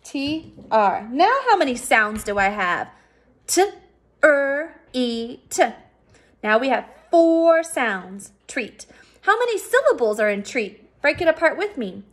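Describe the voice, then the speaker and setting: A woman with a high voice leads a recorded phonics lesson for young children. She talks slowly and patiently and breaks each word into its sounds. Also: big pitch swings. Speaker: teacher.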